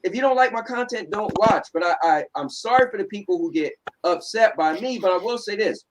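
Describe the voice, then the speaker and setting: A man's voice: high-pitched, animated, a little fast, background noise. A man from New Jersey with a New Jersey accent, hosting a casual chat show from home, talking bluntly and sarcastically. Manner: blunt, sarcastic, repeats "right?". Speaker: show host.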